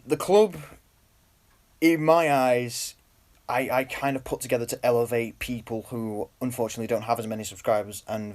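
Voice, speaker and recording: A man's voice: medium pitch, darkish tone. A young man chats on a phone live stream. He rambles, trips over his words and restarts his sentences. Now and then he breaks off to greet viewers by name. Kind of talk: casual live-stream chat.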